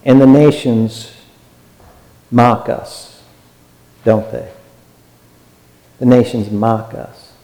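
A man's voice: mid-range voice, fairly even intonation, very slow, long pauses, dark tone. A man preaching a sermon, earnest and exhortative, and often repeating his phrases. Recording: long hall reverb.

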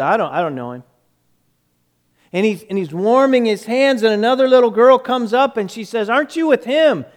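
A male preacher retelling a story in a sermon, emphatic, repeating words and dropping quiet. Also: high voice.

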